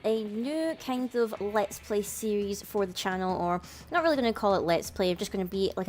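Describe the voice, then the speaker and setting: A young woman hosting a casual let's play, chatty and upbeat with lots of little fillers. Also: medium pitch. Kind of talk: casual gameplay commentary.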